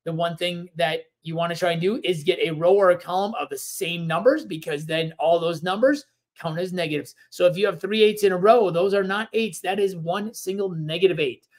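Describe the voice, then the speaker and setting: Man, fairly high pitch, casual board game co-host, easygoing rambly explainer. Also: a little fast. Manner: relaxed, rambling explanations with fillers. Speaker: podcast co-host.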